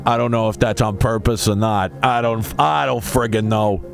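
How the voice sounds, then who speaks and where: A man's voice: on the low side, steady tone, normal speed, creaky, hardly any pauses. A man streaming a game, chatting casually with stammered restarts and casual swearing. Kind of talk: casual live-stream chat. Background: game music.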